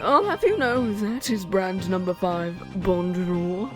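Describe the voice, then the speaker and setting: A woman voicing a pompous, self-adoring male aide in a video game, speaking in a haughty, drawn-out way. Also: mid-range voice, music in the background, close to an everyday voice.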